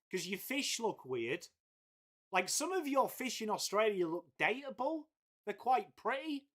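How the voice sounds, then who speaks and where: A man's voice: high voice, very animated, unhurried, fairly bright tone. A man hosting a casual live stream, bantering with viewers and saying "mate" all the time. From England, Whitby. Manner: laddish banter, peppered with "mate", swears freely. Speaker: livestream host. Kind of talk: casual live watchalong chat, reading viewer messages.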